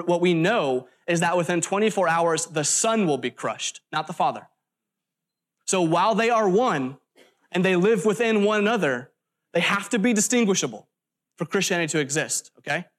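High-voiced man preaching earnestly. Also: expressive, a little fast. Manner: earnest preaching with emphatic lists and asides. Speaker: pastor. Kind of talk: sermon.

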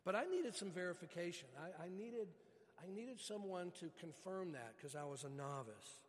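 A middle-aged man preaching, telling a folksy personal story in an animated way. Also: a little high, long reverb tail. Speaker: pastor.

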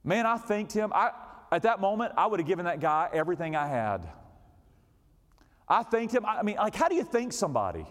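A middle-aged man preaching a sermon, telling a story dramatically and swinging from loud shouts to quiet low asides. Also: big pitch swings, brisk. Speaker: pastor. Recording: long hall reverb.

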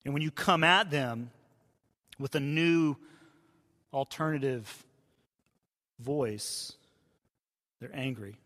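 Bright-voiced man preaching in a reverberant hall. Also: medium pitch, slow pace, pauses often. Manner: conversational preaching, dropping to hushed tones for quoted voices. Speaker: pastor. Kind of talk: sermon.

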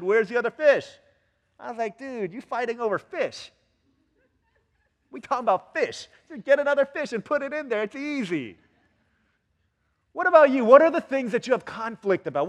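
A man giving a sermon as pastor, telling everyday stories and acting out quoted lines with lots of energy. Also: fairly high pitch. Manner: animated storytelling with acted-out quotes. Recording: long hall reverb.

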